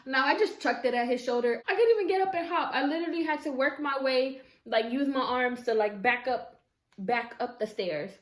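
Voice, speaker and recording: A woman telling a story casually while eating on camera at home, chatty and expressive, with slangy asides to her viewers. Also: sits high, a little fast. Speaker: mukbang vlogger. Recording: echoey room.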